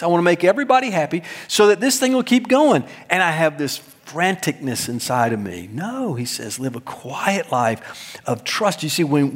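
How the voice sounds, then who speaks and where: Male pastor, sermon, emphatic, lightly raised pitch, soft asides, long church reverb. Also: breathy edge. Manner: emphatic, with swings between loud high stresses and soft low asides.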